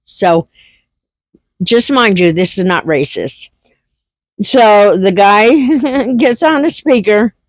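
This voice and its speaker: Middle-aged woman, vlog storyteller, unhurried, close dry sound. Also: medium pitch, animated, no echo. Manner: laughs through her story, repeats herself. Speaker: homestead vlogger. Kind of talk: casual storytelling.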